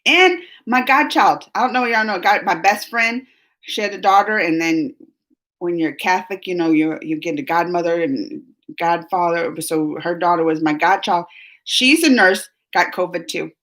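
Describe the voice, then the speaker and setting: A woman hosting a live stream, chatting casually with her viewers. She is emotional and laughs often, going from giggly to soft and earnest. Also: fairly low pitch, moderate pace. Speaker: reaction channel host reading live chat.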